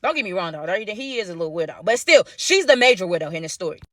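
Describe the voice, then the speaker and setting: A woman telling a workplace story in a casual storytime vlog, animated and dramatic, talking straight to her viewers with lots of slang. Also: mid-range voice, fast talker, no echo, clean studio sound.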